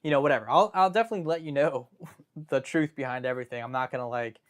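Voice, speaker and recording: A man's voice: medium pitch, quick pace. A young man hosting a live stream, chatting casually and rambling through joking asides and self-interruptions.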